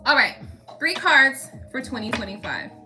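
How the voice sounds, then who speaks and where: A woman hosts a casual tarot reading, chatting straight to her viewers and rambling from one thought to the next. Her voice sits a bit high and sounds clear and bright. Soft music plays faintly behind her. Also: sing-song, moderate pace. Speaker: tarot reader and channel host.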